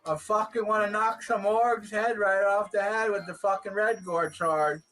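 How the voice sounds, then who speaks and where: A man's voice: high voice, fairly even intonation, normal speed, fairly bright tone, soft background music. A man doing a comedic impression of a foul-mouthed, impatient young male gamer who swears constantly.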